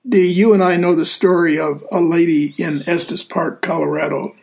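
A man hosting a casual talk show as a deacon, speaking in an earnest, easygoing way with frequent pauses. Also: a little high, fairly even intonation, gravelly. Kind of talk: casual radio show chat.

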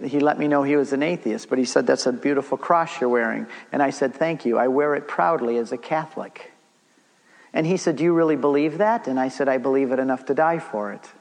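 A middle-aged man giving a storytelling church talk, acting out the dialogue as he goes. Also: fairly high pitch. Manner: animated storyteller, acts out dialogue. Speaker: Catholic speaker giving a talk. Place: church hall. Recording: long reverb of a large hall.

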